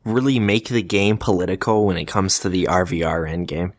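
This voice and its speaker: A man hosting a casual gaming podcast, firing off animated questions and stumbling over his words. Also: low voice, fairly quick, dry recording. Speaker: podcast host.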